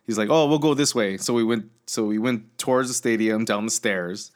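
A man's voice: lowish voice, a little fast, clear, resonant tone. A man, co-hosting a casual podcast chat and telling a long story full of fillers and restarts, acting out what people said. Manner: rambling storyteller, acts out quotes, many fillers and restarts.

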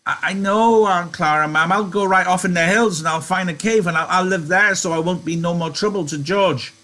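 A man's voice: fairly high pitch, normal speed, sharp tone, pitched above the performer's own voice. A man doing a stammering childlike farmhand. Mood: miserable. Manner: stammering, pleading. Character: big simple-minded farmhand, childlike and anxious.

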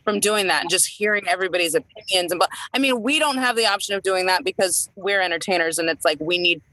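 A woman's voice: fairly low pitch, fast talker, pushed and bright, no room sound, rough recording. A woman in her thirties, an entertainer co-hosting a casual chat, talking in a rambling way with many fillers and restarts. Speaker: podcast co-host, entertainer.

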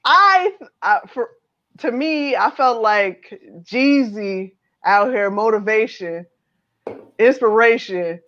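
A woman's voice: a little high, lively intonation, takes it slowly, a bit bright. A woman in casual conversation, joking and wry, acting out little quotes of the people she talks about. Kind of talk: casual chat about a music event. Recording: dull lo-fi recording.

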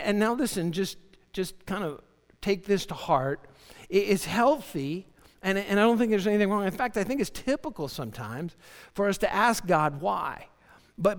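A man preaching a sermon in a slightly higher voice, swinging from loud, dramatic readings down to low, quiet stresses. His voice carries a long reverb from a large hall. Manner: animated preaching, voicing Job's cries with rising pitch and dropping low for emphasis. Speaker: pastor.

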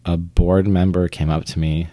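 A young man from Vermont with a very low voice talks about his life in an interview. He is chatty and self-deprecating and often restarts his sentences. The recording is dry and close, with little room sound. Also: flat delivery, normal speed, mellow, no room sound. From Vermont, United States. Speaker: interviewee, theater actor. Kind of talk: conversational interview.

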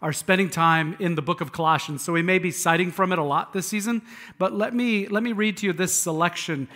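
A man's voice: sits high, a little fast, pushed and bright. A male pastor preaching a conversational sermon with casual asides and restarts in a church sanctuary.

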